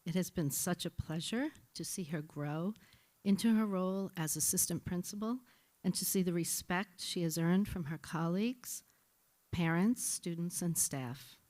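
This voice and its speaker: A woman's voice: on the low side, normal speed, darkish tone. A middle-aged woman reading a formal, slightly nervous speech at a school board meeting. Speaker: incoming acting assistant principal.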